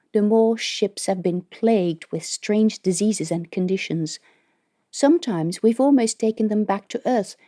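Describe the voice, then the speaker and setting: A woman voicing a stern, secretive female military colonel in an audiobook, speaking in a measured, grave way. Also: mid-range voice, dark tone, natural voice.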